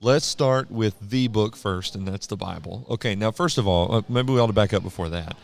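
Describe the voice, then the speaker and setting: A man's voice: lowish voice, fairly quick, vocal fry. A man hosting a podcast interview in a casual, joking way, laughing often while he chats with his guest on a convention hall floor. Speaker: podcast host.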